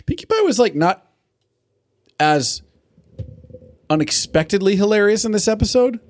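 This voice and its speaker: A man co-hosting a podcast in casual chat, rambling and swearing as he recaps a cartoon episode and acts out lines in quick bits. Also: sits high, expressive. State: has the hiccups. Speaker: podcast co-host.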